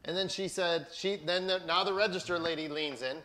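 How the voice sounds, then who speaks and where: Teasing man with a higher voice. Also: steady tone, brisk, sharp tone. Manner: teasing, laughing storyteller. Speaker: co-host reading viewer comments. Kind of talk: casual livestream banter.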